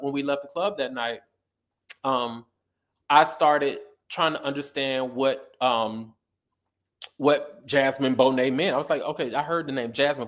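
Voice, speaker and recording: A middle-aged man telling stories in a casual interview, animated and sassy, acting out quotes. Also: medium pitch. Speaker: guest.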